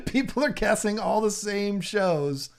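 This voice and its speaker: A man's voice: high voice, very animated, gravelly. A man, hosting a casual live stream and teasing viewers as he runs through their guesses. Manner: playful, teasing, lists guesses rapidly. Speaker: livestream host.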